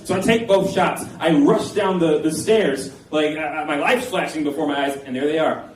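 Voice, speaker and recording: A man's voice: fairly high pitch, a little fast, hardly any pauses. A man in his late twenties telling a comic personal story at a live storytelling event, rambling and self-mocking, with lots of filler words. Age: late 20s. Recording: echoey room, voice from a distance, faint background noise.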